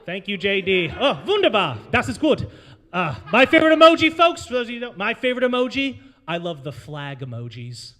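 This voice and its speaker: In a brewery taproom, a young American man hosts an open mic and does a rambling, self-mocking stand-up set while working the crowd. His voice sits high, with big pitch swings, and he talks fast with few pauses in a pushed, bright tone.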